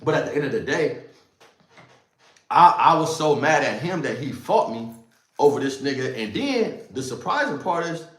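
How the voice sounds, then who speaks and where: A man tells a story on a livestream in animated street slang. His voice sits a little higher than most men's, and it swings between loud outbursts and quiet asides. The room around him is echoey. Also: normal speed. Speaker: livestream host telling a story.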